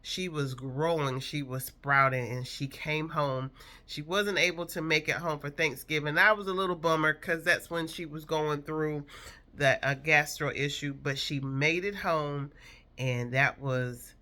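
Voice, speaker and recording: Bright-voiced woman telling her own story. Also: low-pitched, steady tone, unhurried. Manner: earnest, reflective, emotional. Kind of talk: personal storytelling.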